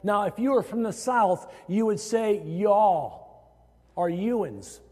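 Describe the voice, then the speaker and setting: A man's voice: high voice, slow, a little mellow. A man from Iowa, a pastor preaching a sermon to his congregation, stressing phrases as his voice rises. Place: church sanctuary. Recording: hall reverb.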